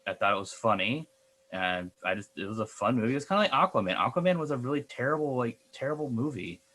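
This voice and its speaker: A man with a bright, ringing voice talks loosely about films on a podcast. He hesitates, restarts his sentences and fills gaps with "um" and "I mean.". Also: medium pitch, expressive, fast talker. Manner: rambling, hesitant, with many restarts and fillers. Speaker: podcast co-host. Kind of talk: casual chat.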